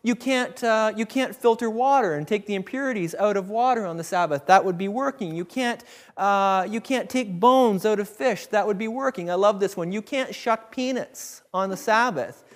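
A man's voice: high-pitched, moderate pace. Man preaching in a reverberant hall. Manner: animated, acts out voices of biblical figures. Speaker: pastor. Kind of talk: sermon.

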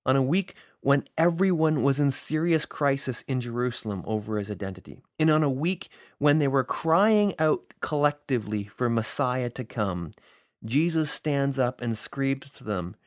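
A man's voice: medium pitch, lively intonation, normal speed, no echo, studio quality. A man preaching a sermon, reading scripture and telling it as a vivid, emphatic story.

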